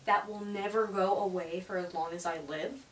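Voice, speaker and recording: A woman's voice: medium pitch, steady tone, moderate pace. A teenage girl reviewing a movie in a chatty, gushing way, with lots of "like". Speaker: vlogger. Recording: roomy, distant mic, faint hiss.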